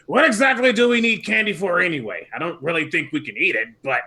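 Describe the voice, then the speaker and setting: A man's voice: sits high, expressive, fast, bright, forceful tone, voice pushed up, full character voice. A man voicing a confused, fidgety male robot on a unicycle. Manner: puzzled, questioning.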